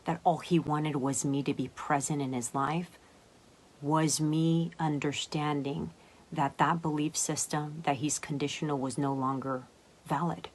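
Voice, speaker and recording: A young adult woman with a low voice tells a story from her own life, like an emotional coach speaking to camera. She confides in an emotional way and often sinks to a hushed whisper.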